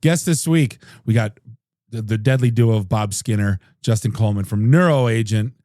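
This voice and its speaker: A male podcast host with a lowish, warm and mellow voice, chatting casually. He rambles and jokes, restarting his sentences often. The sound is close and dry. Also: moderate pace, no room sound. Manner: rambling, jokey storyteller with many restarts.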